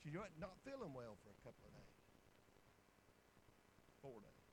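A man's voice: mid-range voice, huge pitch swings, moderate pace, background noise. A man, preaching in a folksy storytelling way with bursts of exclamation. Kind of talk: sermon testimony.

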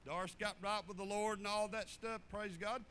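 A man delivers a folksy sermon in a high, bright voice. He swings between fervent, loud preaching and low, muttered asides. Faint ambience sits under the recording. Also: fairly even intonation, normal speed, a little hiss or hum, low-quality recording.

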